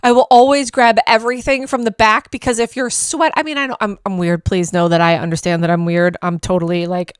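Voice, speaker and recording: A woman hosting a travel vlog, telling her trip story in a chatty, animated way, poking fun at herself and laughing often. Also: medium pitch, a little fast, hardly any pauses, clean tone, no echo, clean studio sound. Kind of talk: casual storytelling review.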